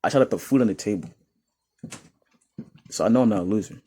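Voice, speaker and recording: A man's voice: on the low side, fast, breathy edge. A young man from New York reading and mocking comments in a casual, laughing commentary. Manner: laughing, mocking, animated rants.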